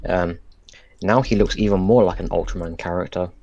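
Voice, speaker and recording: Low-voiced man thinking aloud. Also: a little fast, vocal fry, a little mellow, muffled recording. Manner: thinks aloud, trailing off and restarting sentences. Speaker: podcast co-host. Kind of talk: casual chat reviewing a cartoon episode.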